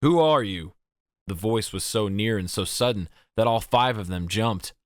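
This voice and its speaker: A fantasy audiobook is narrated by a man whose fairly low voice keeps a steady, measured storytelling rhythm. The scripted reading is captured dry on a close studio microphone.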